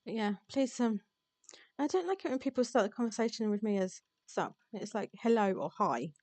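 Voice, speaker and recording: A woman VTuber reading a visual novel aloud on stream, chatty and quick to laugh. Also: on the high side, lively intonation, warm tone, no room sound. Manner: chatty, reads game text aloud, laughs often. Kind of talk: live-streamed visual novel read-along.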